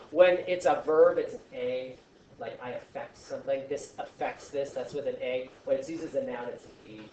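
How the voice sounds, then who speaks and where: A man teaching a science class, talking in a chatty, joking way with animated asides to his students. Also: high-pitched, dull audio, slight background noise. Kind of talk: classroom lesson. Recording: echoey classroom from far off.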